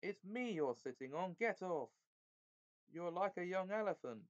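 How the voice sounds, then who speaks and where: A man reading as a gruff, short-tempered male dwarf from a storybook, bellowing his complaints. The voice is raised a little high and drawn out slowly. The sound is dull and lo-fi. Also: big pitch swings, dry recording. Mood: cross. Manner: bellowing, cross.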